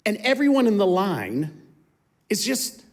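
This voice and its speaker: A man's voice: sits high, very animated, measured pace. A middle-aged man giving a heartfelt testimony that swells into impassioned emphasis. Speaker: guest speaker giving testimony. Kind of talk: emotional testimony.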